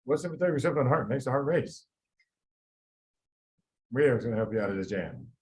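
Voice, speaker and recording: A man teaching a live medical review class, quizzing students and talking through the reasoning in an animated way. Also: medium pitch, low-quality recording. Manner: animated, quizzes students, quick asides with sudden quiet drops. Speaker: medical board review lecturer.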